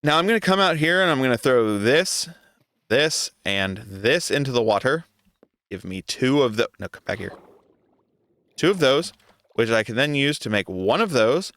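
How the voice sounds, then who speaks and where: A man's voice: mid-range voice, animated, normal speed, fairly bright tone, dry recording. A young adult man giving casual gameplay commentary, talking to himself in an exasperated, joking way. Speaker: gaming video creator.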